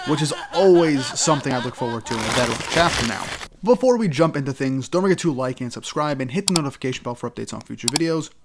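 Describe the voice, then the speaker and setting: Enthusiastic man recapping a chapter. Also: a little high. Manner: casual, enthusiastic, quick voice-acting of quoted lines. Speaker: manga reaction YouTuber.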